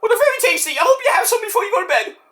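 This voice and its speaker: A squeaky goofy old wrestler. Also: male voice, very animated, sharp tone, exaggerated voice. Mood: silly. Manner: silly, rapid, cartoonish.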